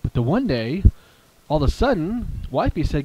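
A man telling a playful story with toys, animated and lively, dropping low for heartfelt asides. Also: moderate pace, dull audio.

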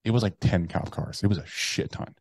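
Here a low, fairly quick male voice, a little mellow and slightly rough, is heard with no echo. The speaker is an army veteran relating a personal story for an interview: casual, full of swearing, and heavy on "like" and "bro."

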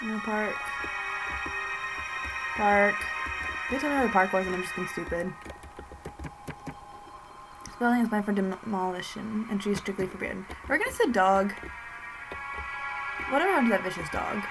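A woman's voice: medium pitch, animated, moderate pace, long pauses, poor audio. A woman giving casual commentary while playing a horror game, chatting to herself as she goes. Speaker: let's play commentator. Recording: game music playing behind. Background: game music.

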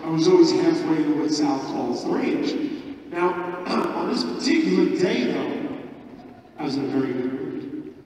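A man's voice: fairly high pitch, moderate pace, darkish tone. Mock-serious man in a cavernous arena. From Staten Island, New York. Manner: mock-serious, teasing an audience member. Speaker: comedian. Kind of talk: live stage storytelling. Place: large arena stage. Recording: echoey arena from far off, crowd.

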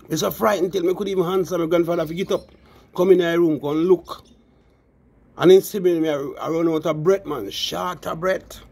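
A Jamaican man tells a story in loose patois, his voice set a little higher than most men's. It has a husky, gravelly grain, and he keeps tagging his lines with "you know" and calling out to the listeners as "people". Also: dark tone. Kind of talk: casual storytelling.

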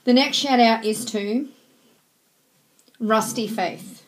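A woman hosts a vlog of shoutouts, running through the same friendly formula for each one. Her voice is a little higher than average. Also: slow pace, low-quality recording. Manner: repeats a set friendly formula. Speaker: host giving shoutouts.

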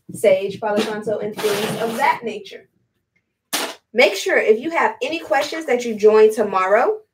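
A woman's voice: fairly high pitch, a bit bright, slight background noise. A woman hosting a casual live-stream product demo, chatty and repetitive with blunt slang. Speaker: host selling spiritual products. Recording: voice distant from the mic.

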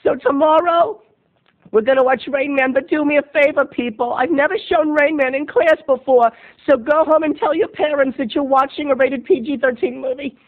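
A man's voice: steady tone, moderate pace. A man doing a flustered prim schoolteacher lady. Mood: gushing. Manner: high fluttery gasping exclamations. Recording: tinny lo-fi webcam audio.

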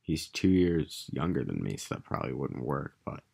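A man's voice: rumbling low, very animated, normal speed, creaky, darkish tone, husky. A young American man talking to his own channel in a crude, meandering casual monologue full of fillers and restarts. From United States. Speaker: vlogger.

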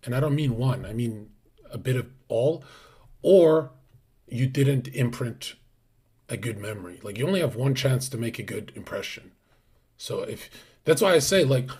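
Husky-voiced male streamer, brash casual chat with sudden hushed asides. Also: mid-range voice. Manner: brash, crude, drops into hushed whispers. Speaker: streamer host. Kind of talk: casual livestream talk.

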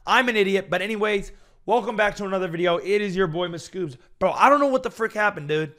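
A man talking casually and excitably to his viewers while playing online blackjack, slangy and restless. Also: sits high, fast talker. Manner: excitable, slangy, swings between hype and frustration. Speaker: gambling streamer. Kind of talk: casual hyped commentary to camera.

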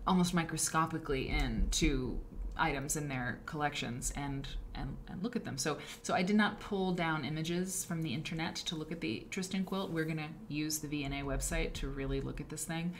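A woman's voice: deep voice, slight background noise. A woman hosting a live stream, chatting casually and rambling with frequent asides and self-corrections. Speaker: livestream show host. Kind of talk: casual live-stream talk about quilt history.

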